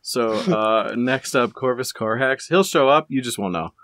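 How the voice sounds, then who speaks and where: A man in casual chat, laughing often and acting out quick voices of others. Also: mid-range voice, a bit bright, no echo.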